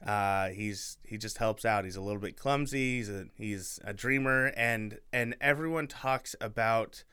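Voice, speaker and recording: A man's voice: lowish voice, measured pace, bright, forceful tone, clear, resonant tone. A young man co-hosting a podcast, casually retelling a book with lots of fillers and restarts. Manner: rambling, filler-heavy storytelling. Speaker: podcast co-host.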